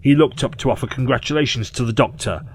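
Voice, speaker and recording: A man narrating an audio short story in a measured, expressive way. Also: mid-range voice, very noisy.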